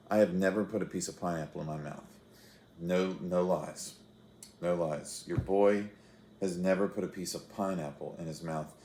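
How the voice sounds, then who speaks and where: A man's voice: deep voice, darkish tone, echoey room, slight background noise. A man in his thirties hosting a fruit-tasting web show, chatting casually to the camera in a rambling, self-deprecating way with filler restarts. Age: 30s.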